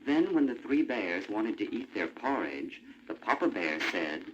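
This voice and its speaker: Animated male storybook narrator. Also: on the low side, a little slow, background noise. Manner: animated, expressive. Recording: muffled old vinyl with music.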